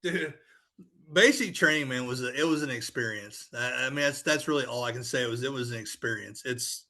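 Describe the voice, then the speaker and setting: A man hosting a casual podcast interview in a laid-back way, with quick agreeing interjections. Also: mid-range voice, bright, forceful tone.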